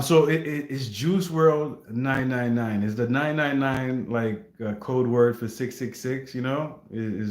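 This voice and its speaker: A man's voice: mid-range voice, roomy sound. A man hosting a casual livestream, chatting with viewers in a rambling, laid-back way. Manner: rambling, laid-back, heavy use of filler phrases like "you know what I mean". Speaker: livestream reaction host.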